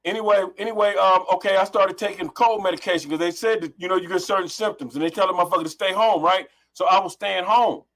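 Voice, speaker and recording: A man's voice: high-pitched, fast, few pauses, fairly bright tone. A middle-aged man from Los Angeles, a podcast guest telling a story over a headset, rambling with many restarts and swearing. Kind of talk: casual storytelling on a remote call.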